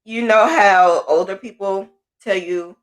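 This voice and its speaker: A woman's voice: medium pitch, a little slow. A woman hosting a podcast, telling her own story in casual talk and often repeating phrases for emphasis. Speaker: podcast host.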